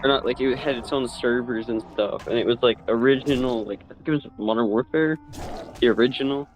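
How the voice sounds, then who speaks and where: A man's voice: medium pitch, fairly quick, low-quality recording. Joking, rambling man in casual chat. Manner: joking and rambling, trails off mid-thought. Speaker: friend chatting with a streamer.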